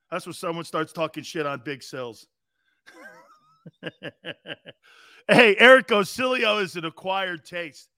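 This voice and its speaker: A middle-aged man hosting a sports talk radio show, loud and joking, laughing often as he rambles. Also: sits high, dry recording, clean studio sound.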